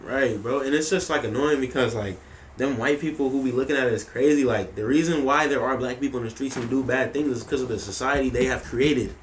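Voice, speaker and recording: A man's voice: mid-range voice, a little fast, a little hiss or hum. A young man talking casually as a podcast co-host, emphatic and repetitive, often ending his lines with "bro". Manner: emphatic, repeats words, ends lines with "bro". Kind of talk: casual chat.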